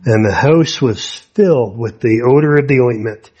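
A man preaching a sermon to young people, unhurried, with folksy asides and many fillers. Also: medium pitch, a little mellow, slightly rough, muffled recording.

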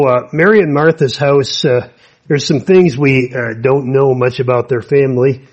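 A man preaching a sermon to young people, unhurried, with folksy asides and many fillers. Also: mid-range voice, a little mellow, lo-fi sound.

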